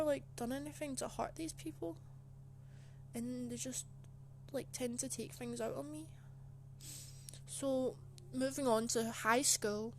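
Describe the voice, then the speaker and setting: A woman's voice: a little high, a little hiss or hum. A young woman telling a casual personal story, chatty and indignant, full of filler words. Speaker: channel host.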